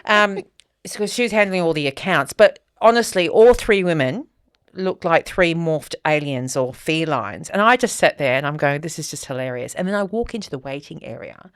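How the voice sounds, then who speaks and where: A woman in her forties, co-hosting a podcast and telling animated stories with dry humour in casual chat. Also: deep voice, moderate pace, smooth, dry recording. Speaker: podcast co-host.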